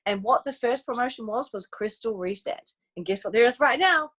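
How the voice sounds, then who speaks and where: Bubbly, lively woman coaching her team. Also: fairly high pitch, a little fast, breathy edge, low-quality recording. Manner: bubbly and animated, acts out chats with prospects in upbeat voices. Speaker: network marketing coach on a team training call. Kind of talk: casual motivational training talk.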